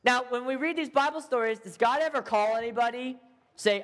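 A man teaching a lively Bible class, playful and animated, acting out the characters and giving out quiz points. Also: very high voice, a little fast. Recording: echoey hall.

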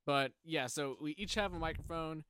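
A man's voice: a little high, moderate pace, fairly bright tone, a little hiss or hum. A man hosting a casual podcast at home, rambling along with lots of fillers, speaking close into a stand mic. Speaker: podcast host. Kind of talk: casual chat. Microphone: close drum mic on a stand.

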